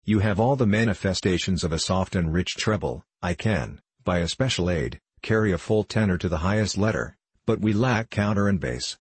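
A man's voice: low-pitched, lively intonation, moderate pace, few pauses, husky, no room sound. A man reading as a solemn wordy singing master. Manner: formal, wordy old-fashioned speech. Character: solemn, long-winded male psalm-singing teacher.

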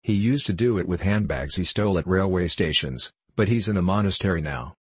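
A gentle, vague little priest who explains things slowly and simply, with an apologetic air, as a man reads him. The voice is low and husky, recorded dry and close. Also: lively intonation, dry recording. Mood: mild. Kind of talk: audiobook character reading.

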